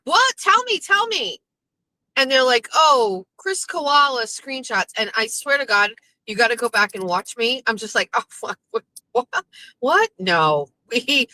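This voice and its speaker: A woman chats to her audience as host, swearing freely and tossing in animated asides. Her voice is bright and tense. The sound is close and dry, with no room around it. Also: on the high side, dry recording, rough recording. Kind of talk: casual chat.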